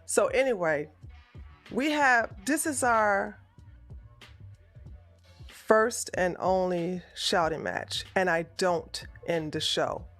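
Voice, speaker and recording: Bright-voiced woman host ranting profanely. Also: fairly low pitch, slow pace, long pauses, faint music behind. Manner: profane, shouting, combative. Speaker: political livestream host. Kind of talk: heated livestream rant.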